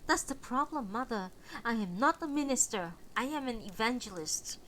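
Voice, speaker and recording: A woman reading a flat, weary evangelist son. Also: on the high side, normal speed, a little hiss or hum, poor audio. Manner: flat, tired, subdued.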